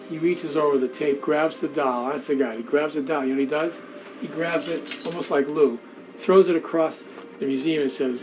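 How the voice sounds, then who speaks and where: Animated male storyteller in a museum. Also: a little high, normal speed, noisy background. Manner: animated, acts out quoted voices, repeats himself. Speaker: museum guide telling a story. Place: indoor museum room.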